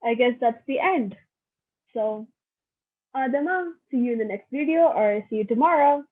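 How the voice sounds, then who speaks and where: A woman's voice: on the high side, animated, normal speed, slightly rough. A young woman giving a casual online French lesson, chatty and repeating each phrase for practice. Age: young adult. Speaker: French workshop teacher. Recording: thin phone-like audio.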